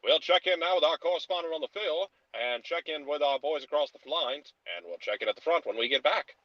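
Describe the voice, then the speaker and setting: Grandiose old-timey newsreel announcer, put on by a man; patriotic, booming, lo-fi. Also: brisk, dry recording, close to an everyday voice. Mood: rousing.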